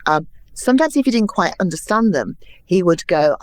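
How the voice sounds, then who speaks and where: A woman in her sixties, a guest in an interview, telling anecdotes in a lively way and acting out what others said. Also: fairly low pitch, fairly quick, no room sound. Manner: lively anecdotal storyteller, acts out quotes. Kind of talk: interview storytelling.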